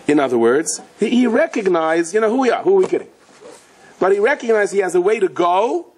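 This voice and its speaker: Animated storytelling rabbi, slightly husky. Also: male voice. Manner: animated storyteller, acts out quotes with big pitch jumps. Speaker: rabbi giving a Torah lecture. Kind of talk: storytelling Torah lecture.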